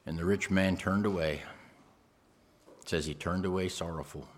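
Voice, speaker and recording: Low-voiced preacher, emphatic sermon. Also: male voice, steady tone, moderate pace, a little hiss or hum. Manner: emphatic, repeats phrases, addresses the congregation directly.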